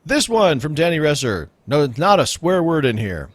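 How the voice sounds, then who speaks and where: Male radio host, jokey and rambling, very expressive pitch, dry close-mic sound. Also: moderate pace, no echo. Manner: jokey, laughs often, rambling asides. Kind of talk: casual comedic podcast chat.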